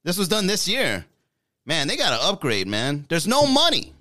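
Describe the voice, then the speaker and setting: A man voicing a brash young Miami party guy who talks in loud slang. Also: on the high side, huge pitch swings, moderate pace, no room sound, studio quality, voice pushed up, full character voice. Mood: baffled, loud. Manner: slangy, loud, bro-ish.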